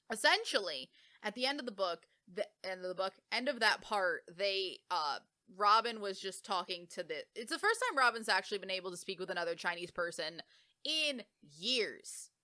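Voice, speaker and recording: Bright-voiced woman, chatty and rambling. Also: mid-range voice, lively intonation, moderate pace. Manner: rambling, heavy on "like" fillers, self-correcting. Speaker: podcast co-host. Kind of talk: casual book summary.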